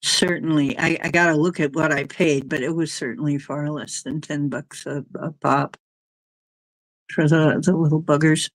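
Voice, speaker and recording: Middle-aged woman rambling on her livestream, low voice, dry close sound. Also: steady tone, normal speed, dry recording, low-quality recording. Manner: rambling, drifting, reacting to chat comments. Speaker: livestream host reading chat. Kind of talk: casual livestream chat.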